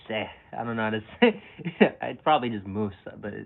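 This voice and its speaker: A man's voice: lowish voice, big pitch swings, a little fast, few pauses. A young man streaming live, rambling casually and self-mockingly while reacting to chat comments, often chuckling. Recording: tinny phone-like audio with faint hiss.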